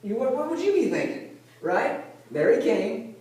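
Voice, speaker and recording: High, mellow-voiced preacher in an echoey hall. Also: male voice, normal speed. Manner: lively storyteller who often checks in with the audience. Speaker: pastor. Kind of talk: conversational sermon retelling a Bible story. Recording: very echoey room, voice from a distance.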